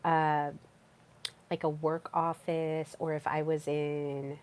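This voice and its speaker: Casting: low-pitched young woman, solo podcast host, relaxed and chatty, with lots of fillers and restarts. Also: slow pace. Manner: chatty, with frequent fillers and repeated words. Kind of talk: casual solo podcast talk.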